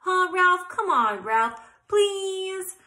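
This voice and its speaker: Brief: pestering squeaky mouse kids, woman reader voicing, very high and bright. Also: sing-song, extremely slow, reverberant, exaggerated voice. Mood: pleading. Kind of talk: storybook read-aloud.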